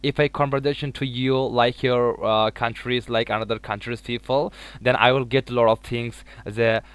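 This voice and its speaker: A man's voice: mid-range voice, steady tone, moderate pace, smooth, dry recording. A man chatting casually in English as a learner, hesitant, with many fillers and frequent laughs. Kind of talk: casual chat in second-language English.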